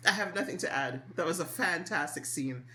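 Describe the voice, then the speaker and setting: A woman co-hosting a casual podcast, giving blunt opinions with expressive delivery and laughter. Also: lowish voice, a little fast. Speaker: podcast co-host. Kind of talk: casual chat.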